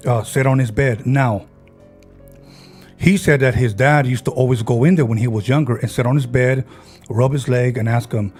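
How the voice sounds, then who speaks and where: Husky man retelling a ghost story. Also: medium pitch, moderate pace, darkish tone, faint music behind. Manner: retells a friend's ghost story, acting out quoted voices. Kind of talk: casual storytelling.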